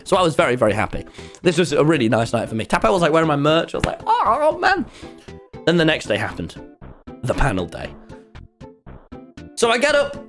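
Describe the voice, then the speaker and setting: A man, telling a story to his live chat in an excitable, rambling way. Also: fairly high pitch, fast talker, pauses often, soft background music. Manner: excitable and rambling, with many restarts. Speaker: streamer.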